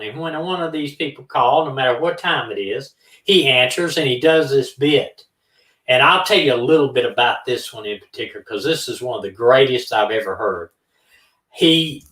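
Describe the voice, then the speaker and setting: A man's voice: medium pitch, distant mic. A man telling a casual story, acting out both sides of a phone call. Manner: animated, acts out both sides of phone calls. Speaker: co-host of a true-crime live stream. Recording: roomy, from off the mic.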